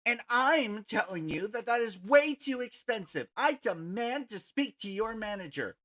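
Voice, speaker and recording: A game master voicing an entitled woman customer who demands to speak to the manager in a very high, shrill voice. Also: expressive, a little slow, a bit bright. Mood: demanding.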